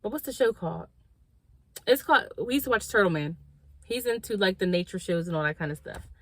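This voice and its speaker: This storytime vlogger has a mid-range, brisk voice with no room sound. Speaking directly to her audience as y'all, she relates a personal story in slangy, casual fashion, animatedly performing the quoted dialogue.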